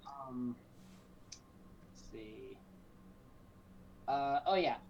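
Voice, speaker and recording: A man's voice: mid-range voice, very slow, creaky, muffled recording, slight background noise. A man talking as a guest on a podcast, hesitant and full of fillers and restarts in casual chat.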